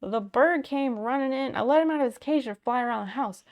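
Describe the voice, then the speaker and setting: A confused, plain-spoken caller with a Southern accent explains her problem matter-of-factly, as a woman streamer quotes her. The voice keeps a gravelly fry throughout. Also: high voice, fairly quick, pitched above the performer's own voice. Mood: puzzled.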